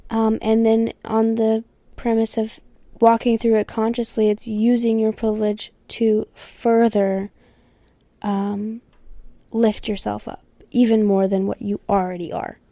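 A woman's voice: fairly high pitch, little pitch movement, unhurried, dark tone, dry recording. A young woman hosting a solo podcast, talking candidly and rambling, swearing freely and sometimes dropping to a whisper. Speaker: podcast host. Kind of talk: casual solo podcast chat.

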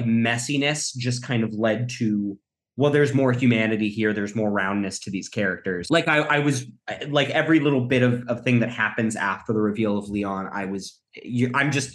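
A man co-hosting a podcast, discussing a film in a halting, rambling way, with many restarts. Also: medium pitch, a bit bright. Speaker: podcast co-host.

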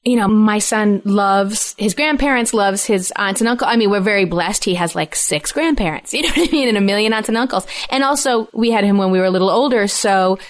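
A woman's voice: medium pitch, fairly quick, hardly any pauses. A woman in casual chat who tells stories with lots of laughter and acts out the people she quotes. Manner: animated storyteller, laughs often, acts out quotes. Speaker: podcast co-host, mother.

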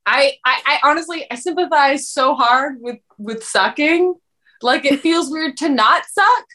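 A woman guest with a high-pitched voice chats casually on a podcast. She riffs in an animated, profane comic way. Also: unhurried. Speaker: comedian guest.

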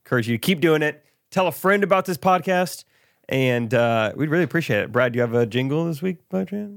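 A man's voice: on the high side, animated, brisk, gravelly, no echo, studio quality. A man in his thirties co-hosting a casual podcast, playful and upbeat. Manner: playful, bouncy delivery. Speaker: podcast co-host.

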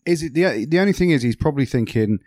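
A man co-hosting a podcast, chatting about rugby with fast teasing banter. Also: medium pitch, expressive, a little mellow, no echo, clean studio sound. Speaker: podcast co-host, rugby pundit. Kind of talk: casual rugby chat. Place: podcast studio.

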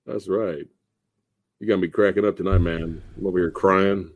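A man's voice: low-pitched, fairly even intonation, moderate pace, no echo, dull audio. A man hosting a casual chat, loose and joking, laughing often. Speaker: host.

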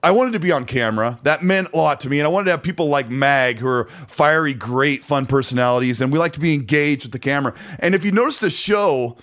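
A man's voice: a little high, quick pace, hardly any pauses, fairly bright tone. A man hosting a podcast in casual chat, laid-back and rambling, with plenty of filler words. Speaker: podcast host.

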